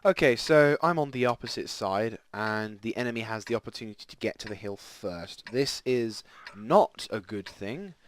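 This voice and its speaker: A man giving rambling, self-deprecating live commentary over a tank game, with sudden excited outbursts. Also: on the low side, normal speed, few pauses, dry recording. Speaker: gameplay commentator. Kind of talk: casual live gameplay commentary.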